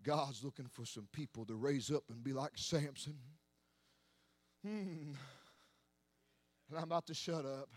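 A man preaching a sermon who swings between hushed asides and shouted, sing-song preaching cadence. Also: mid-range voice, a little slow, long pauses, no echo. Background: faint music from an accompanist.

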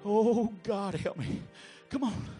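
A man preaching an altar call, pleading and swinging from low murmurs to shouted appeals. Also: takes it slowly, faint music behind. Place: church sanctuary.

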